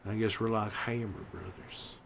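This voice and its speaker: Joel, a man doing a gruff survivor. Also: lowish voice, fairly even intonation, normal speed, a bit bright, a little hiss or hum. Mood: bantering. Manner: gruff, swearing, teasing chat. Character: gruff middle-aged male survivor, wry. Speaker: streamer in character. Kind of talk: in-character livestream banter.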